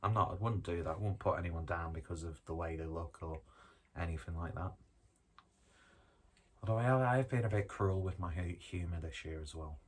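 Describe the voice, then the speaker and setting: Man, low voice, raspy, casual rambling tasting chat, self-mocking jokes. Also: a little fast. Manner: rambling, jokey, self-deprecating, swears casually. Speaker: beer reviewer.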